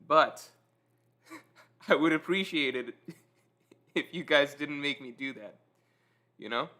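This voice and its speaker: A man's voice: a little high, measured pace, long pauses. A man hosting a livestream, chatting casually and self-deprecatingly with his viewers while eating. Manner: relaxed, self-deprecating, reads out chat comments. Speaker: livestream host. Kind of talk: casual chat with live viewers.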